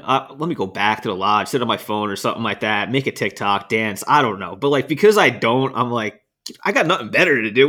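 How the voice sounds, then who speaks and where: A man co-hosting a podcast, telling a story in a casual, animated way with laughs and swearing. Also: medium pitch. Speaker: podcast co-host.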